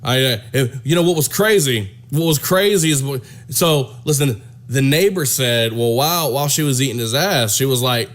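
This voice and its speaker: A man telling a crude comic story, rambling and repeating himself with animated delivery. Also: medium pitch, normal speed. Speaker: comedian storyteller.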